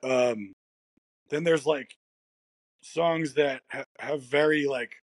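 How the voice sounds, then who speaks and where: Rambly american guy in an interview, husky voice, laughs a lot, dead dry sound. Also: medium pitch, slow, no echo. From United States. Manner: laid-back, rambling, laughs often. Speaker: guest musician. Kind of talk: casual interview chat.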